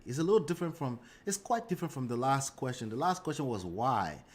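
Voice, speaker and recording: A man coaches a live real estate session in a relaxed, unhurried way and acts out phone calls to sellers along the way. His voice sits in a middle range. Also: mid-range voice. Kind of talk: teaching session.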